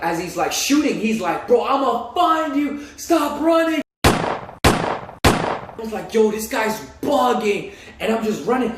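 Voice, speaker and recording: A young man telling a casual story, animated and full of slang, repeating himself as he goes. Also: high-pitched. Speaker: vlogger. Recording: echoey room, voice a bit far from mic.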